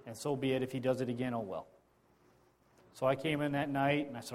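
A man's voice: mid-range voice, level tone, fast. A man preaching a sermon as a pastor, telling a personal story in a conversational way, often repeating and restarting phrases.

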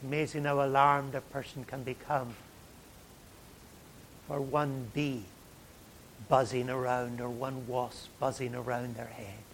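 A man preaching a sermon in a dramatic way, dropping to a hush and then rising loud. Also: medium pitch, flat delivery, a little slow, gravelly, pauses often, slight background noise. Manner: dramatic, swings from hushed to loud.

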